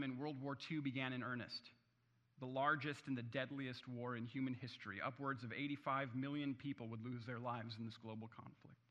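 Pastor guy preaching, earnest and emphatic, slowish pauses, very bright tone, long church echo. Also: on the high side. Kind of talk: sermon with opening prayer.

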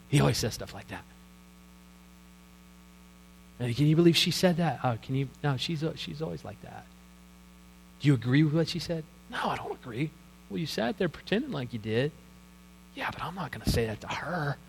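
Gossiping churchgoer, put on by a male preacher, hushed, quick, whispery complaining, long reverb. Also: a little high, expressive, creaky, a little hiss or hum.

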